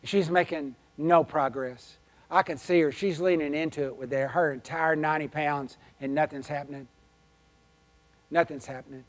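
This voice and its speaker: A man with a drawl tells folksy stories from the stage at a conference keynote. His voice sits a little high, and he swings from loud, emphatic lines to quiet, confiding ones. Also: steady tone, moderate pace. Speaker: keynote speaker. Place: conference hall.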